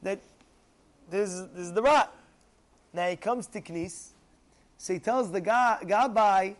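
A man's voice: sits high, slow pace, long pauses. A man teaching a religious class, telling a story with emphatic repetition. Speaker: Torah teacher.

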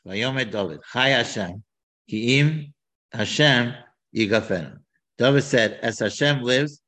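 A man teaching a scripture class, talking in an animated way with many repeats and restarts. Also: mid-range voice, poor audio. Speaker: Torah teacher.

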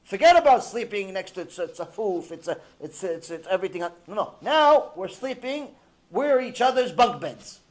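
A man's voice: sits high, sing-song, moderate pace. A man voicing a devout wife who has run out of patience and insistently urges her husband to act. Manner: insistent, urging.

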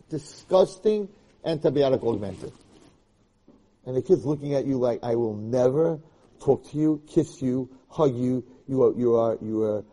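A man's voice: mid-range voice, dark tone, slightly rough. A male rabbi giving an impassioned Torah lecture, emphatic and full of repeats and restarts.

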